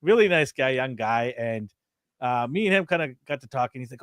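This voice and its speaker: A man co-hosting a casual chat show, telling lively stories and acting out what people said, laughing often. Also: mid-range voice, brisk, no room sound, clean studio sound. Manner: animated storyteller, acts out quotes, laughs often. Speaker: co-host of a toy and anime show.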